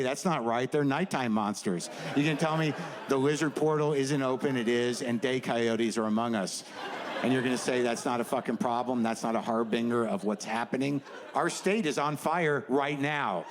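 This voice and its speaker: Stand-up comic, male, middle pitch, sardonic rant, faint crowd laughter behind. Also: normal speed. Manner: rambling, sardonic ranting with asides. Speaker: stand-up comedian. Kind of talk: stand-up routine. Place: comedy stage before a live audience. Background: faint audience laughter and ambience.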